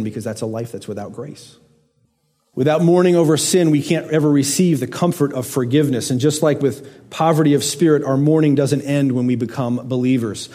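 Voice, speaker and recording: Delivering his sermon earnestly, this middle-aged pastor swings between raised emphasis and quiet, low lines. He has a mellow, slightly husky voice pitched a little high for a man, echoing with a large hall's long reverb.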